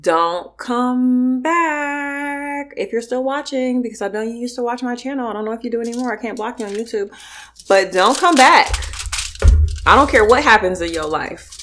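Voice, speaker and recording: A woman's voice: on the high side, fairly quick, a bit bright. A young woman from California talking bluntly and emphatically to her viewers while eating on camera. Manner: blunt, emphatic, talks between bites. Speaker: mukbang vlogger. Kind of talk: casual eating vlog chat.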